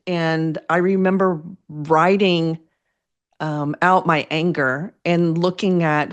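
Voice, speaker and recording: A woman's voice: deep voice, fairly even intonation, slow. A middle-aged woman, a therapist and first responder spouse, speaking openly and emotionally in an interview, with self-deprecating humor. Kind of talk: candid interview conversation.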